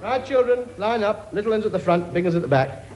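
A man's voice: high-pitched, lively intonation, a little fast, darkish tone, faint music behind. A blustering, bossy king. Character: bossy cheeky king with ninety-four children, man. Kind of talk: comedy sketch acting. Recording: noisy recording.

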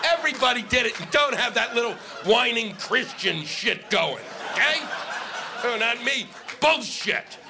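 A man doing a stand-up comedy set on stage, ranting and profane, shouting his punchlines over audience laughter. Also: extremely high pitch, animated, unhurried, gravelly, a crowd in the background, background noise. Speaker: stand-up comic.

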